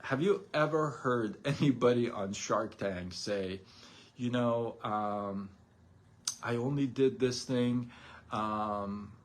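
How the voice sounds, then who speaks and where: A man talks to his live-stream audience in a loose, motivational way. He keeps asking rhetorical questions and acts out little quoted exchanges. His voice sits in an ordinary middle pitch. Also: slow pace. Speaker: host of a daily live stream on side gigs. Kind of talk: casual motivational talk.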